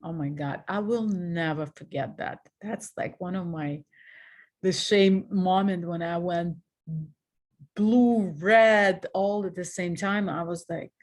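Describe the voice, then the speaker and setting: This is a woman in her forties with a Russian accent, opening up about her own life as a guest. Her voice sits somewhat low, and she talks frankly and with animation. She laughs at herself and often stops to restart her sentences. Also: slow. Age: 40s. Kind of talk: candid personal storytelling.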